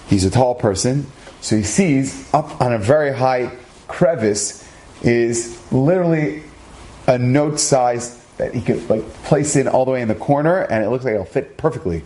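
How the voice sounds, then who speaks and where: A rabbi telling an inspirational story in a lively, conversational way, using Hebrew terms along the way. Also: male voice, mid-range voice, moderate pace.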